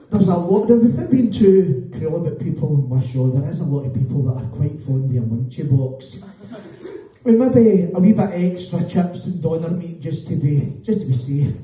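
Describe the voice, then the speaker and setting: A middle-aged Scottish man doing a sweary, mocking stand-up set in a comedy club with a live audience laughing. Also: high-pitched. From Scotland. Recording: echoey room, distant mic, dull sound.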